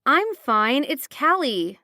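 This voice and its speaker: Upbeat teen girl, higher pitched, close dry mic, woman reading her. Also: big pitch swings, slow, pushed and bright, dry recording, exaggerated voice. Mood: eager. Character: cheerful teenage girl, lively daughter.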